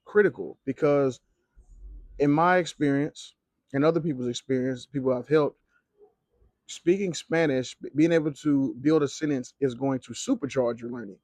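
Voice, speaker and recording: A man's voice: mid-range voice, moderate pace, darkish tone, no echo. A young man giving casual advice on learning Spanish, loose and slangy, with plenty of fillers and swearing. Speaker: Spanish teacher and vlogger. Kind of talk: casual talking-to-camera advice. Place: living in Mexico.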